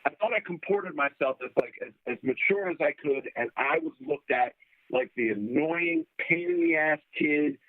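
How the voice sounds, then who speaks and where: A man with a fairly high voice recounts a story as a guest and playfully acts out the people in it. His voice comes through a narrow, tinny remote line, like a phone call. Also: big pitch swings, moderate pace, creaky. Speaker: guest musician. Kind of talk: casual storytelling interview.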